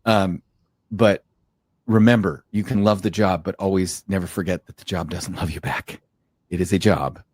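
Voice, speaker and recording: Low-voiced guy co-host, blunt, cusses, dry close sound. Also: normal speed, a little mellow, husky, dry recording. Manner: blunt, swears freely, talks in fragments. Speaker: podcast co-host. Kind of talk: casual podcast chat.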